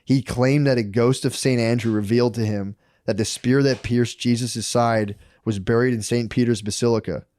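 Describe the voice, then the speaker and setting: A man's voice: mid-range voice, fairly even intonation, moderate pace, hardly any pauses, darkish tone, dry recording. Man, podcast co-host, casual storytelling, swears a lot, bro slang, dry close sound. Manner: rambling, profane, bro slang.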